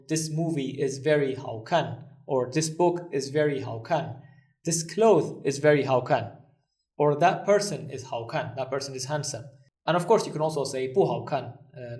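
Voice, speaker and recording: A man teaching a recorded language lesson, patiently repeating each phrase slowly and then translating it. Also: mid-range voice, a little mellow, recorded from a distance.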